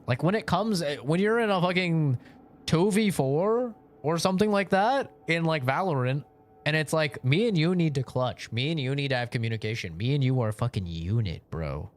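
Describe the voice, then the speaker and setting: A man's voice: fairly high pitch, lively intonation, normal speed. Rambling, swearing male streamer. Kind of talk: casual chat while gaming.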